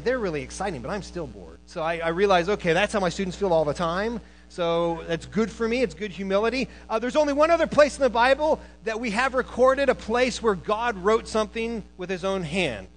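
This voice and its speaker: A man preaching a sermon to a church, animated, moving between loud emphasis and quiet asides, who also teaches college students. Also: high-pitched, low-quality recording.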